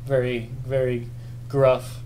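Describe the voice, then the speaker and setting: A man's voice: mid-range voice, completely flat delivery, slow, dark tone. A man co-hosting a podcast, chiming in with short quips and frequent laughter. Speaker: podcast co-host. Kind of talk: casual chat.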